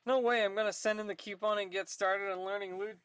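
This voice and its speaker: A live streamer chatting casually to viewers, thinking out loud and laughing often, a little out of breath. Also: medium pitch, steady tone, quick pace, clean tone, no echo.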